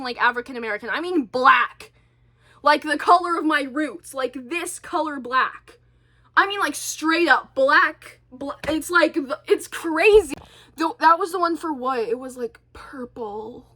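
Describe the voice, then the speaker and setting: A woman rambling through a casual vlog monologue, her voice high and sharply bright. She hops from tangent to tangent, piling on fillers and sounding openly exasperated. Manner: chatty, goes off on tangents, many fillers; animated and exasperated. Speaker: vlogger.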